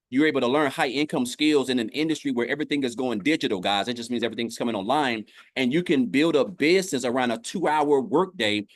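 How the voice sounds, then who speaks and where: A man's voice: medium pitch, no echo, clean studio sound. A man from Tennessee, speaking as a guest on a livestream video call in an upbeat, casual testimonial style. He keeps saying "guys" and often restarts his phrases. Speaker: guest on an online business livestream.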